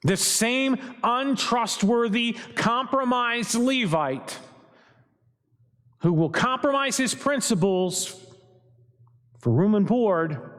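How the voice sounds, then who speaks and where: A male pastor preaching with a high, bright voice, emphatic and quick to toss rhetorical questions at his listeners. He is recorded in a church sanctuary, and a long hall reverb follows his words. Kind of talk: sermon.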